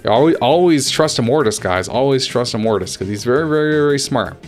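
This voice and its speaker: A young man talks over his gameplay at a middle pitch, steadily growing more frustrated. He swears freely and trash-talks the other players. Faint game music plays behind him. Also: lively intonation, a little fast. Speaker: gaming YouTuber. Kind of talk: casual gameplay commentary.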